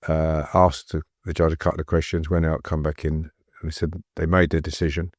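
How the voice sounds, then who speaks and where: A man's voice: very deep voice, level tone, brisk, dry recording, studio quality. A middle-aged man, a guest recounting stories in a rambling, anecdotal way. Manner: rambling, anecdotal, laughs while telling stories. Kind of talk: casual storytelling interview.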